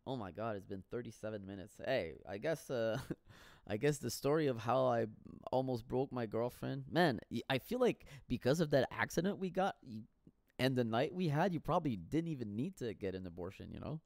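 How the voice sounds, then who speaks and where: A man's voice: medium pitch, expressive, moderate pace, darkish tone, dry recording, clean studio sound. A man telling stories in a casual solo monologue, rambling and profane with frequent laughter.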